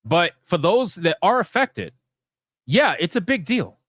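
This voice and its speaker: A man's voice: high-pitched, sing-song, unhurried, fairly bright tone, no echo, clean studio sound. A man hosting a live stream, giving heated, profane commentary in a fired-up, emphatic way.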